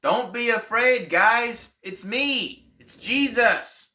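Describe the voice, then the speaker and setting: A man plays a calm, gentle grown teacher with a plain, reassuring manner. The voice is bright and unhurried in a storytelling lesson. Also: very high voice, pitched above the performer's own voice, heavily acted.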